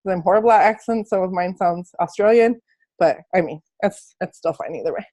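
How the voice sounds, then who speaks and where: A woman's voice: on the low side, fairly quick, warm tone. A woman coaching an online group in a casual motivational talk, earnest and encouraging, repeating phrases for emphasis, then chatting loosely with fillers over a video call. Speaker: fitness and life coach.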